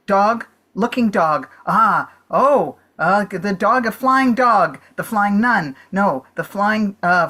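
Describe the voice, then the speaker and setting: Woman improviser, slow pace, halting guesses, video call. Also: mid-range voice, fairly bright tone. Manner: halting, thinking aloud. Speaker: improv performer. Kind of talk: guessing game banter.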